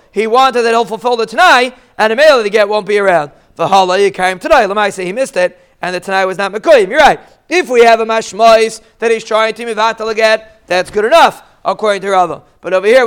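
A man giving a Talmud study lesson, explaining the Aramaic text line by line in casual English and acting out the quoted shouts with a raised voice. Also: high voice, fairly quick, few pauses, clear, resonant tone. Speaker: Talmud teacher.

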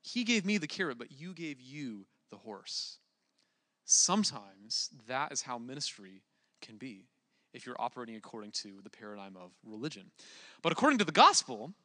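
A young man preaching a relaxed, conversational sermon, with plenty of fillers and restarts. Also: on the high side, in a large hall.

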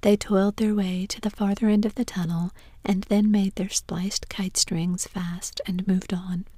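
A woman reads a story in a soft, breathy whisper as a whispered role-play. Her tone is mellow and dark, and the sound is very close and dry. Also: mid-range voice, a little slow, dry recording. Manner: soft, even whispered reading.

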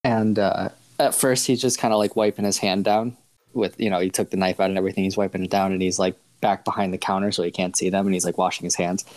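A man playing a tabletop game, describing his character's actions in a halting way, full of fillers. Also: sits low, level tone, darkish tone. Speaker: player.

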